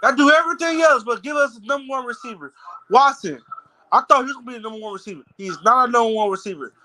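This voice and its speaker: A man's voice: very high-pitched, fast, pushed and bright, a little hiss or hum, poor audio. A man ranting angrily as a football fan on his own video channel, cursing and stammering over his words. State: angry. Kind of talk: heated fan rant vlog.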